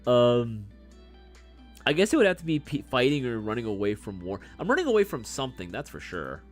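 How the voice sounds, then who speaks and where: A man's voice: medium pitch, very animated, a little fast. A young man hosting a casual livestream, reading chat questions, laughing often, swearing freely and calling people bro. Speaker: livestream host answering chat. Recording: faint music behind voice.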